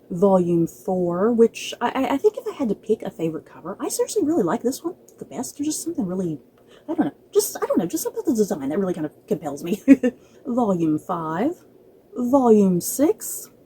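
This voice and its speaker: A woman's voice: medium pitch, sing-song, normal speed, mellow, slight background noise, poor audio. A woman chatting casually to her viewers as a book vlogger, out of breath, laughing often and restarting her words. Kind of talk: casual chat to camera.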